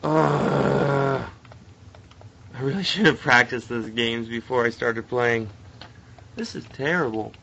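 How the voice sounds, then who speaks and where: A young man doing live commentary on a game he is playing, mostly muttering, then breaking into frustrated yells. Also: medium pitch, lively intonation, normal speed, lo-fi sound, slight background noise. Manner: swings from muttering to frustrated yelling. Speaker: let's play gamer.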